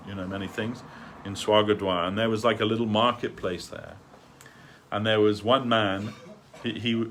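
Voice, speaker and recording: A man's voice: fairly low pitch, slight background noise. A man telling a rambling, chatty anecdote during a devotional talk in a temple hall, laughing at his own story. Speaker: speaker giving a devotional talk.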